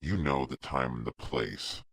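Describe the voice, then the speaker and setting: A brooding masked vigilante with an extremely deep, gravelly growl, every word a threat. The voice sits close and dry, with no room around it. It is a fan storybook reading, not a studio drama. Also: male voice, unhurried, fairly bright tone, no echo, heavily acted. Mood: menacing. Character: gruff menacing male vigilante interrogator.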